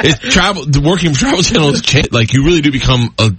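A man's voice: fairly high pitch, very animated, fast talker, over a noisy crowd. A middle-aged man telling rambling stories as a podcast guest, often laughing mid-sentence. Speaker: guest storyteller. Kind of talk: casual podcast chat.

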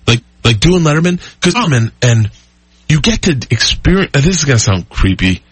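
A man guesting on a podcast, telling rambling, excitable stories with frequent laughter in casual chat. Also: a little high, fairly quick, husky, no echo. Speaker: comedian guest.

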